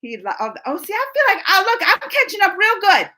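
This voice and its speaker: A woman in her forties hosting a casual livestream, chatting with viewers in a rambling, animated way and laughing often. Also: very high-pitched, fairly quick. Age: 40s. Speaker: livestream host reading chat. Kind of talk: casual live chat.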